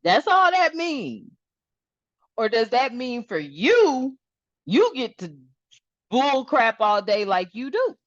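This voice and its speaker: A woman hosting a spiritual channel, talking casually to her viewers in an animated, rambling way and swearing freely. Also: high-pitched, slow, long pauses, no echo, dull audio.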